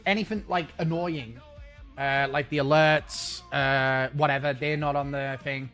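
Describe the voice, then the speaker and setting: A man's voice: mid-range voice, steady tone, measured pace, a bit bright, soft background music. A man streaming a game and chatting casually with his viewers in a rambling, self-mocking way.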